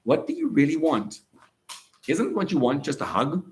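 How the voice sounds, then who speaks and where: A rabbi gives a lively motivational talk to high school students at a moderate pace, keeping it casual and conversational rather than stiff. His pitch swings widely as he acts out little scenes and quotes.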